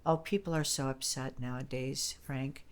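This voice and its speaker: A woman's voice: rumbling low, steady tone, moderate pace. A woman who works as a diner server, talking earnestly in an interview and often repeating her words. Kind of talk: casual interview talk.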